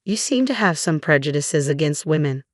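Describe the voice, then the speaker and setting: A man's voice: fairly high pitch, lively intonation, normal speed, no room sound, clean studio sound, lightly acted. A woman reading the part of a stern elderly company chairman who scolds firmly. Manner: firm, reproachful.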